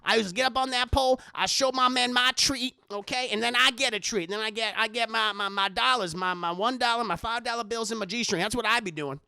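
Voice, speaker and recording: A man putting on the voice of a brash, foul-mouthed old woman who talks loud and sassy. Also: very high voice, quick pace, creaky, hardly any pauses, clear, resonant tone, no room sound, clean studio sound, exaggerated voice.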